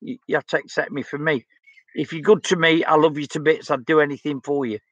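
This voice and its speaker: A man's voice: a little high, little pitch movement, a little fast, no room sound, muffled recording. A blunt, outspoken man, chatting casually as he reads out viewer comments on his stream. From England. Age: 60s. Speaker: livestream host.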